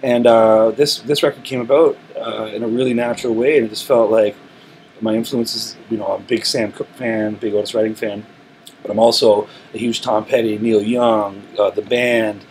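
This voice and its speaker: A man's voice: fairly low pitch, moderate pace, slight background noise, low-quality recording. A male musician in a studio interview, telling rambling stories with lots of restarts. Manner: relaxed, rambling storytelling with frequent restarts. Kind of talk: casual interview talk. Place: recording studio.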